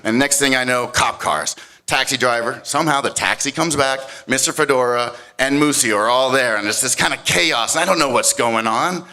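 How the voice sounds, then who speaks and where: A man telling a story live on stage at a competition, animated and swinging from loud shouts to hushed tones. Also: medium pitch, normal speed, few pauses.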